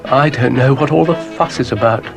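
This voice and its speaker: A man's voice: mid-range voice, brisk, vocal fry, music in the background, close to an everyday voice. A man voicing a grumpy, sardonic male dog in a children's stop-motion show, with a dry, sarcastic delivery.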